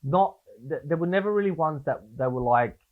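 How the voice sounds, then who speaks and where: A man's voice: a little high, animated, a little fast, over a noisy crowd. A man with an Australian accent, a guest telling laid-back, swear-heavy stories in a casual interview. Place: studio. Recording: phone-like lo-fi sound.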